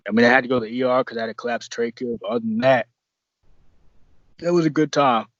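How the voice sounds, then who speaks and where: Rambling wrestler guest, dull lo-fi sound. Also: male voice, medium pitch, fast talker, no room sound. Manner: rambling, profane, restarts often. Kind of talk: casual podcast storytelling.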